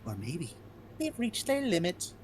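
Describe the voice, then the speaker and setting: A woman reading game dialogue aloud, voicing an eerie young man who giggles as he schemes, with a slow, drawn-out delivery and wild pitch swings. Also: wildly swooping pitch, a little mellow, slight background noise. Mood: smug.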